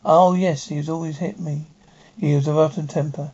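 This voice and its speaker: A woman's voice: sits low, steady tone, normal speed, warm tone, slightly rough. A frightened, pleading woman, 1960s TV. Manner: pleading and nervous. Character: frightened timid young working woman. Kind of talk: 1960s TV drama acting. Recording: dull lo-fi 1960s TV soundtrack.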